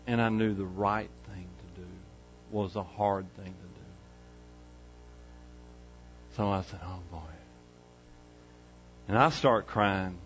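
Dynamic preacher with a dull, lo-fi sound. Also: male voice, deep voice, unhurried, pauses often, soft background music. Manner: swings from loud and excited to quiet and hushed, with laughs. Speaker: pastor. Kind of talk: sermon.

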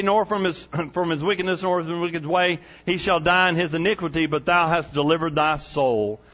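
A middle-aged male pastor preaching a sermon in a somewhat high voice. He moves between loud, excited passages and hushed, quiet ones. The recording sounds dull and lo-fi, with faint music underneath.

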